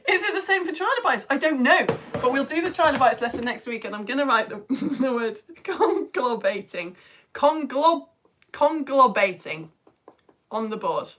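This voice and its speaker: Her voice sits high and a bit bright, and she moves at a quick pace with few pauses. She's a British woman hosting a live science lesson online for home-educated kids, bubbly and chatty as she reads the chat aloud and laughs often.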